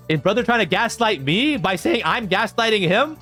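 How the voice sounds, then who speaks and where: A man reacting to viewer comments in a casual vlog, reading them out and answering with animated exasperation. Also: a little fast, hardly any pauses, soft background music. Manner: animated, jumps in pitch when exasperated.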